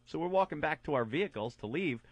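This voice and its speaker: A man co-hosting a radio show, telling a crude story with animated delivery and mocking put-on voices. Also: fairly high pitch, fast, no echo. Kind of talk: crude comedic radio banter.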